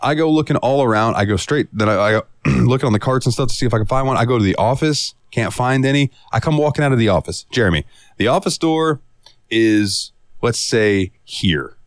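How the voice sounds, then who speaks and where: A man's voice: mid-range voice, expressive, fairly quick, no room sound, studio quality. A young man co-hosting a podcast, telling a story in a profane, exasperated way and acting out the quotes. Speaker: podcast co-host. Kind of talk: casual storytelling chat.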